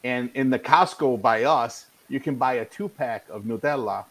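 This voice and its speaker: A man on a casual panel chat, telling a story in an animated way. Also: mid-range voice, normal speed, poor audio.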